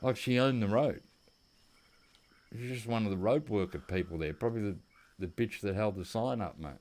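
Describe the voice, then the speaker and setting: A gaming commentator with an Australian accent talks at a moderate pace in a fairly low, darkish voice. He's playing a hunting game, chatting loosely and spinning rambling tales.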